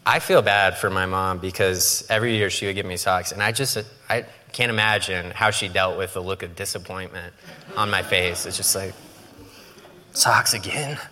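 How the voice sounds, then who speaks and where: A male pastor preaches with a bright, forceful voice, in a casual, joking way. He often slips into quoted voices for effect. The sound rings with the long reverb of a large church hall. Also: low-pitched, steady tone, moderate pace. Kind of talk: sermon.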